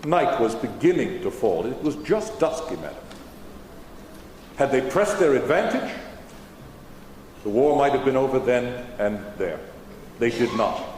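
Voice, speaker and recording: A man's voice: mid-range voice, very animated, a little slow, long pauses, a little mellow. Man playing George Washington, formal eighteenth-century diction, echoey auditorium, long reverb. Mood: measured. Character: George Washington, stately formal elder statesman. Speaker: historical re-enactor. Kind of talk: in-character stage Q&A. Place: high school auditorium stage. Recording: echoey auditorium, faint hum.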